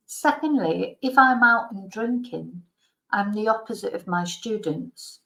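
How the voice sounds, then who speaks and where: Woman, memoir read aloud, bedtime story, calm, dry self-mocking humour, echoey room. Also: lowish voice, creaky. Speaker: YouTube storyteller and Spanish teacher.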